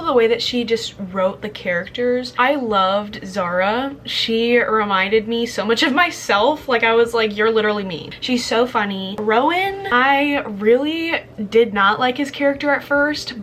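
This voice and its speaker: A woman's voice: mid-range voice, fairly bright tone, slight background noise, low-quality recording. A young woman in her twenties chatting casually as a book vlogger, gushing and saying "literally" often. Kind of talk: casual vlog chat to camera. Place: home, partly on a balcony outdoors.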